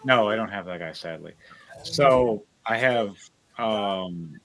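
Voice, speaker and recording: A man's voice: lowish voice, slow, faint music behind. A man narrating as game master of a tabletop game, rambling with lots of fillers and restarts.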